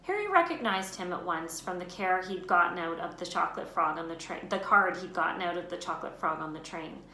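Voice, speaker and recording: A woman teacher reading a children's book aloud in an expressive storytelling voice. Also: lowish voice, fairly quick. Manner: expressive, lifts her voice for names and shouts. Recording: roomy room echo, faint noise.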